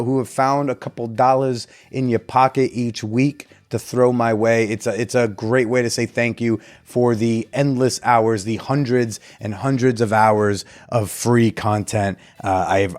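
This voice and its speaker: A man's voice: mid-range voice, fairly even intonation, a little slow, hardly any pauses, darkish tone. Joking male podcast host. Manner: loose, joking, a little tipsy from shots. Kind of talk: casual chat and show announcements.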